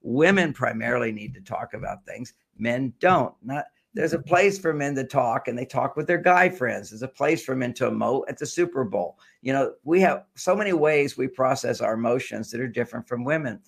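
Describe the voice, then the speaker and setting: A man's voice: mid-range voice, lively intonation, normal speed, creaky, hardly any pauses, breathy edge. An older man, a guest author, explaining relationship ideas with generalizations and stories in a talk show interview.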